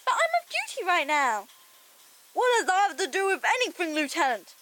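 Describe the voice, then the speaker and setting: A woman's voice: very high voice, huge pitch swings, moderate pace, fairly bright tone, a little hiss or hum, voice pushed up, heavily acted. A woman voicing Zuri, a playful, cheeky young alien crew member, in an amateur audiobook reading. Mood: cheerful.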